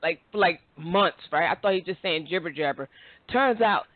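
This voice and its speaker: A woman hosting a podcast, chatting casually and telling stories in an animated way, laughing often. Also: fairly low pitch, normal speed, no echo. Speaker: podcast host. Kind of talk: casual chat. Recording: tinny phone-like line, dry.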